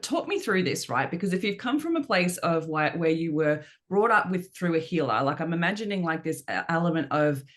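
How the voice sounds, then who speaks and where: A woman's voice: lowish voice, lively intonation, a little fast, hardly any pauses. A woman hosting a podcast interview, effusive and enthusiastic in casual chat. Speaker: podcast host.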